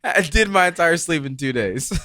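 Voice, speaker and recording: A man's voice: fairly high pitch, animated, moderate pace, bright, forceful tone, dry recording. A young man hosting a podcast, telling a story in casual chat and laughing often. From Arizona. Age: young adult. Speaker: podcast host.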